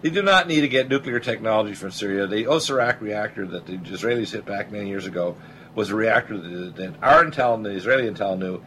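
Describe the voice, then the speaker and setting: A man hosting a political talk radio show, talking in a blunt, excitable way and often repeating words as he starts a thought. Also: fairly low pitch, quick pace, a little hiss or hum, poor audio.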